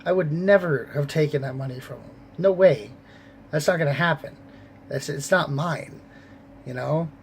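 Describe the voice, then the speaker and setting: Man, store clerk, sweary animated storyteller, a bit high-pitched, faint hum behind. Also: moderate pace, vocal fry. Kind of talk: casual storytelling vlog.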